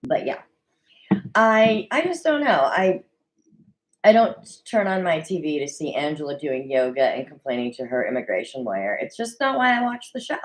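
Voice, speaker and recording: Solo recap host, woman, lively swooping delivery, slightly low-set voice, chatty and opinionated. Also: normal speed, slight background noise, low-quality recording. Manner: chatty, opinionated, animated with mock quoted voices. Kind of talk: casual solo recap commentary. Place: at a desk at home.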